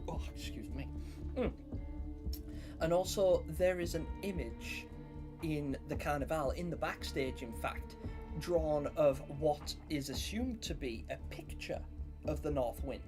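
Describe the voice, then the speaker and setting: A man's voice: fairly high pitch, expressive, a little slow. Chatty young man streaming live. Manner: rambling, chatty, greets viewers by name. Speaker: livestream host. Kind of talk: casual live-stream chat. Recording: faint music behind voice.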